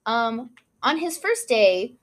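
A woman's voice: a little high, sing-song, slow pace, a bit bright. A woman co-hosting a casual chat, reading out history notes with frequent asides and apologies for mispronounced names. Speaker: podcast co-host.

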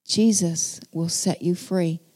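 A woman giving an earnest testimony sermon, telling her story with pauses and then calling the congregation to stand. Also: lowish voice, steady tone, warm tone, husky. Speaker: preacher.

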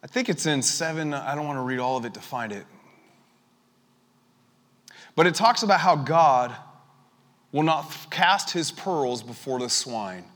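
A man preaching a sermon, chatty at first and building to forceful, emphatic delivery. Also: medium pitch, lively intonation, normal speed, big-room sound.

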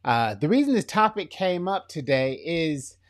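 A man's voice: fairly high pitch, sing-song, measured pace. A middle-aged man from Florida with a slightly country Southern accent, hosting a faith podcast in a chatty, upbeat way with frequent fillers and restarts. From Florida, USA. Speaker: podcast host. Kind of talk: casual faith podcast talk.

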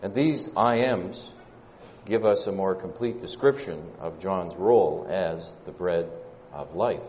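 Southern male preacher, deep-voiced, halting and thoughtful, heard on a lo-fi recording from a big echoing hall. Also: darkish tone, a little hiss or hum. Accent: Southern American. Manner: measured, pausing delivery with frequent "uh" fillers. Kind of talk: sermon. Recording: dull lo-fi church recording with long reverb.

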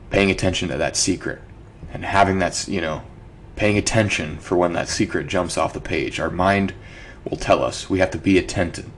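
A man hosting a book club podcast, talking casually and throwing out animated, incredulous rhetorical questions. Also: low-pitched, slight background noise. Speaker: host.

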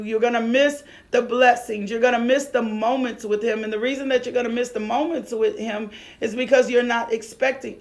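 Fervent woman preacher with gravelly voice. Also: high-pitched, a bit bright. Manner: fervent, repetitive calls, breaks into tongues. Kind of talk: sermon.

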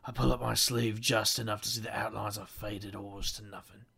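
A man's voice: fairly low pitch, level tone, moderate pace, creaky, sharp tone, breathy edge, heavily acted. A man voicing a wry, sardonic male detective who narrates in first person, with dry wisecracking asides.

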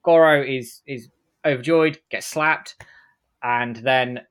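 Man briskly recapping an episode. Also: mid-range voice, fairly bright tone, clean tone. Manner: brisk storytelling, acts out quotes in passing. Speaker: podcast co-host. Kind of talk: casual recap narration.

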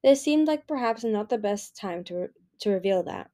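A woman's voice: mid-range voice, expressive, normal speed, mellow. A woman reading a fantasy novel aloud, voicing the characters' dialogue. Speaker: audiobook reader.

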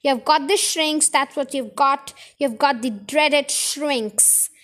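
A mean old storybook husband who gloats and taunts in slow, drawn-out lines, as a woman reader puts him on. The voice sits high. Each jab lands with relish. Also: a bit bright. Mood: gloating.

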